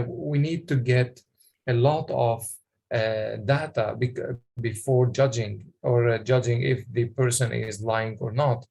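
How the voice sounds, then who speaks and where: A man presenting a workshop, explaining in a halting way with many pauses and questions to the audience. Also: medium pitch, vocal fry, darkish tone.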